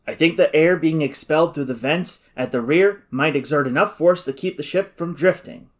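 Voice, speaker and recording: A man's voice: on the high side, moderate pace, lightly acted. A man reading aloud, voicing a commanding male officer who gives orders in an urgent, clipped way.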